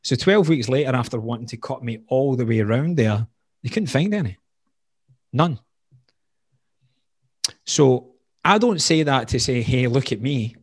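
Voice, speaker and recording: A man's voice: medium pitch, expressive, a little slow, pauses often, breathy edge, dry recording, studio quality. A man in his thirties, a health coach, telling his story in conversation, earnest and open, with frequent "like" fillers. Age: 30s.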